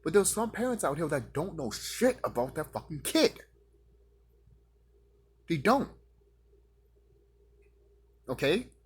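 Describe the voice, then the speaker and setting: A man delivering a profane, confrontational rant straight at his audience, now and then mocking his critics in a higher voice. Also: big pitch swings, takes it slowly, pauses often, slightly rough. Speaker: vlogger ranting to camera.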